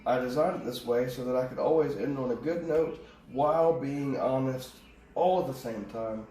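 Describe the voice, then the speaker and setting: A man's voice: medium pitch, dark tone. A man giving a casual tarot reading, rambling off on tangents and swearing casually. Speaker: tarot reader. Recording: echoey room, distant mic, faint ambience.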